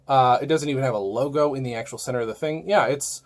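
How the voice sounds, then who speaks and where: A man's voice: mid-range voice, fast. A man in his thirties talking casually to camera as a vlogger, rambling and joking, often breaking off mid-sentence. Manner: rambling, self-interrupting, joking. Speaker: vlogger and podcaster.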